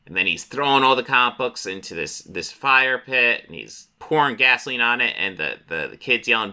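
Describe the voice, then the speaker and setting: A man's voice: lowish voice, pushed and bright, clean tone. A man casually recapping comic book stories, rambling and profane, briefly acting out the characters. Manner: rambling, profane, acts out characters in quick voices.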